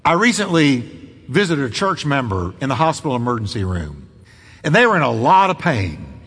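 A man's voice: mid-range voice, big pitch swings, normal speed, fairly bright tone, breathy edge, in a large hall. A man preaching a sermon as pastor, building drama through repetition.

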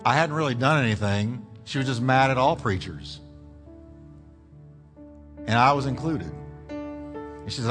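A middle-aged man preaching as a pastor, with sweeping swings in pitch and emphatic build-ups. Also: expressive, unhurried, pauses often, fairly bright tone, faint music behind. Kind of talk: sermon. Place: church sanctuary.

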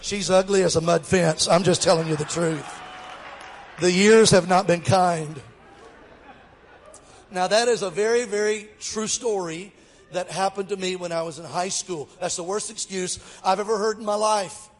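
With a high-pitched voice at a moderate pace, the middle-aged Alabamian from Mobile, US, guest-preaches a sermon built around a funny story. He's lively and jokes with the audience, and the long reverb of a large hall fills the recording.

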